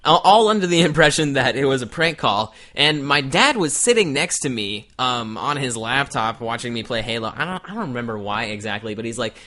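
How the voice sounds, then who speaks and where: A man vlogging about gaming, telling a story to his viewers in an animated, jokey way. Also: mid-range voice, fairly quick, hardly any pauses. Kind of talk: casual storytelling to camera.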